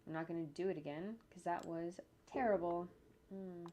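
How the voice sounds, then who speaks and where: A woman's voice: lowish voice, moderate pace, dark tone, slight background noise. A woman animator casually narrating her work as she goes, thinking aloud with jokey asides and humming to herself. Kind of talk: casual narration while working on screen. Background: faint computer keyboard typing and clicks.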